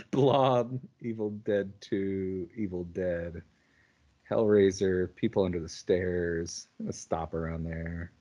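A man's voice: low voice, takes it slowly, mellow. A man co-hosting a podcast in casual chat, laughing often and retelling scenes with animation. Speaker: podcast co-host.

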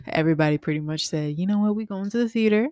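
A woman in her thirties, co-hosting a casual chat, who laughs often and acts out what people said with big jumps in pitch. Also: brisk, a little mellow, no room sound, studio quality. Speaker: podcast co-host.

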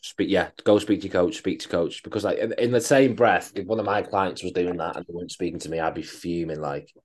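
A man's voice: low voice, brisk. A man co-hosting a coaching podcast, ranting bluntly and swearing in casual chat.

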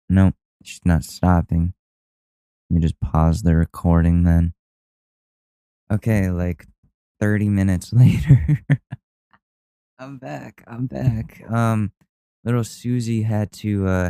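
Rambling young man, smooth low voice. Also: warm tone, no room sound. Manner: rambling, with many fillers, restarts and casual swearing. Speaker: podcast host. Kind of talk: casual storytelling monologue. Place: at home with a cat nearby.

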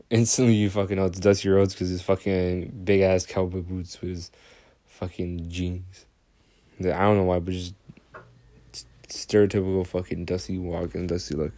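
A man's voice: sits low, mellow, dry recording. A young man casually recapping a wrestling episode, rambling, swearing a lot and laughing often. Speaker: podcast host.

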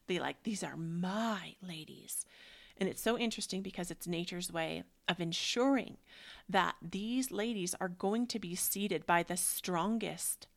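A woman in her thirties hosting a spiritual book club, chatting in a rambling, dreamy way that often drops into soft whispers. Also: on the low side, gravelly. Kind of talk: casual spiritual chat.

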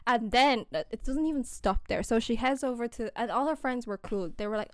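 A woman's voice: medium pitch, fairly quick, clean tone, no room sound, studio quality. A young woman chatting casually and telling a story with lots of laughter and quoted voices. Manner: animated storytelling, laughs often, acts out quotes. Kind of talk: casual chat.

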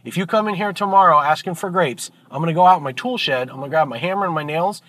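A man's voice: mid-range voice, brisk, fairly bright tone, breathy edge. A man playing an irritable male bartender who lectures and loses patience. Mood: fed up. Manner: exasperated, lecturing.

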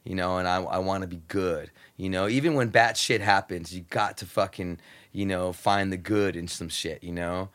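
A man in casual podcast talk, excitable and profane, rambling with many restarts. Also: deep voice, normal speed, clean tone. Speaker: radio host guest.

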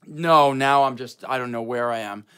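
A man's voice: mid-range voice, moderate pace, clean tone. Man telling a story with bam and smack. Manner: animated, with sound effects like bam and smack. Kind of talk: casual comedic storytelling.

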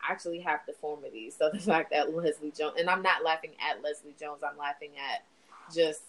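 A woman's voice: low-pitched, brisk, fairly bright tone, rough recording. Candid, laughing woman in casual chat. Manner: candid and profane, laughing often.

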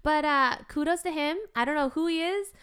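A woman's voice: high voice, a little fast, fairly bright tone. A woman co-hosting a podcast, telling stories in an upbeat, casual chat. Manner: chatty storyteller, upbeat. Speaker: podcast co-host.

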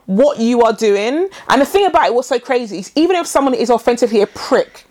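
A woman co-hosting a podcast, talking in a quick, slangy, emphatic way. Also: fairly high pitch, lively intonation, a little mellow. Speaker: podcast co-host. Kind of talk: casual chat.

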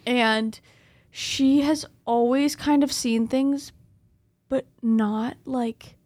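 A young woman chats as a podcast co-host, telling a ghost story with a lot of animation and casual swearing. Her voice sits a bit high, and the recording is dry and close, with no room sound. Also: fairly even intonation, extremely slow, a little mellow, dry recording.

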